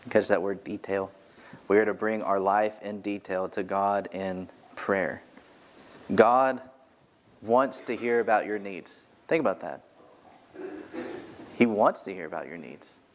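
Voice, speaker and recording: A pastor preaching a sermon from the pulpit of a church, earnest and emphatic, repeating key phrases for weight. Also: male voice, on the low side, a little slow, long pauses, slight background noise.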